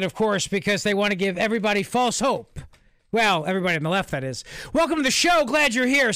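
A male talk radio host with a high voice holds forth in an emphatic, sarcastic monologue, hammering his points through repetition. His studio microphone sounds close and dry, with no room around it. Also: sharp tone, clear, resonant tone, dry recording.

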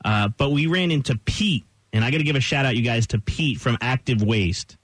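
A man's voice: mid-range voice, moderate pace, fairly bright tone, slightly rough, no echo. A man hosting a casual morning radio show, telling anecdotes with a laugh. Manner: laughs easily, tells anecdotes with quoted voices. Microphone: studio microphone.

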